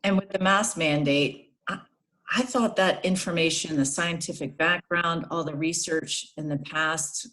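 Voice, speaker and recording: A woman's voice: low voice, fairly even intonation, unhurried, a bit bright. A woman youth soccer coach chatting on a video call, rambling with frequent restarts and laughing as she talks. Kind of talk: casual video call meeting.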